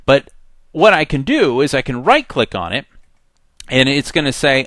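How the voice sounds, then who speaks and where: A man teaching a software tutorial in a chatty way, acting out the program's messages in little voices. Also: medium pitch, sing-song, moderate pace, long pauses, no echo. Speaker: software instructor. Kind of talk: screen-recorded software tutorial.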